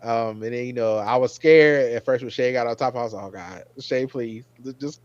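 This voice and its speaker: A man hosting a casual review chat, rambling and getting animated when he recalls his own reactions. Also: medium pitch, a little fast, clear, resonant tone, dry recording, highs cut off. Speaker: podcast host.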